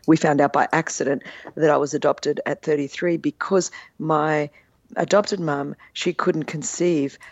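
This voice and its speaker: A woman, telling her life story as a guest in an interview, animated and earnest. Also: low-pitched, a little slow, no echo, muffled recording. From Australia. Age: 50s. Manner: earnest, animated retelling with acted-out quotes. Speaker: guest author.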